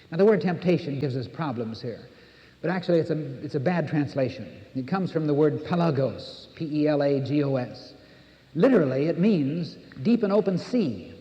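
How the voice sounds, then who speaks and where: A man's voice: on the high side, animated, normal speed, warm tone. An older American man giving an earnest sermon as a minister, repeating words for emphasis. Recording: dull old cassette recording in a reverberant hall.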